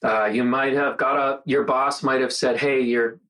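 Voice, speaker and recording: A man hosting a casual mindfulness monologue, talking earnestly and guiding the listener through slow counted breathing. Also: medium pitch, steady tone, fairly bright tone, poor audio. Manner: earnest, conversational, guides breathing with counted pauses. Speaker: host.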